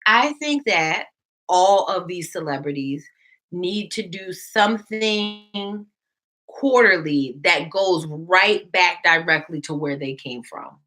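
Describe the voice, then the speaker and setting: A woman hosting a podcast in casual chat, animated and quick to laugh. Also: on the low side. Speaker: podcast host.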